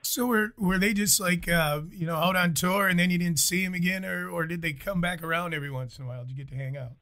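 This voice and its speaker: A male show host with a somewhat high voice asks loose, hesitant questions. He stumbles through fillers and restarts before each point lands. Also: fairly even intonation, fast talker, pushed and bright. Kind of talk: casual interview questions.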